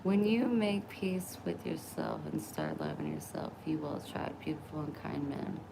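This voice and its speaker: A woman's voice: low voice, huge pitch swings, moderate pace, gravelly, background noise. A middle-aged woman talking bluntly and openly in a casual vlog, oversharing about her personal life. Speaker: vlogger. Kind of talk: candid casual chat.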